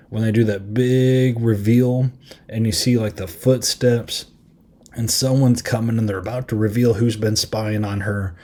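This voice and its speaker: Man, podcast host, low pitch, soft mellow tone, casual rambling chat, self-deprecating.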